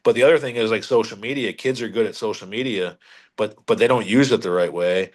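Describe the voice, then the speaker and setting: A middle-aged man with a somewhat low voice talks shop as a guest on a podcast. He is a car dealership leader who speaks bluntly and emphatically, with a little salty language. He often repeats himself and restarts his sentences as he builds his point. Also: brisk. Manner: salty, blunt sales talk. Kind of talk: casual interview talk.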